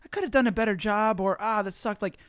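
Tipsy, high-voiced man hosting a podcast. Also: quick pace, smooth, no echo, studio quality. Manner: laughing, swearing, animated storytelling. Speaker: podcast host. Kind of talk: casual podcast chat.

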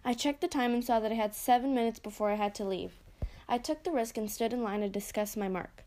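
A woman reading a first-person story aloud with expressive narration. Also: fairly high pitch, brisk.

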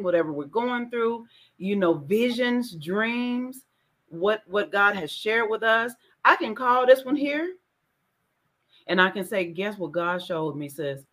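Bright-toned woman affirming her co-host. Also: medium pitch. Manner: affirming, chimes in with agreement. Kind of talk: faith talk show chat.

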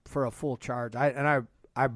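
A man's voice: medium pitch, steady tone, normal speed, dry recording, studio quality. A man hosting a podcast, telling a story in a heated, profane, repetitive rant. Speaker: podcast host.

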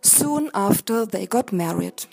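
A woman reading a fairy tale aloud in a slow, careful storytelling manner. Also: mid-range voice, expressive, vocal fry, darkish tone, slightly rough, soft background music, rough recording. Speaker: narrator.

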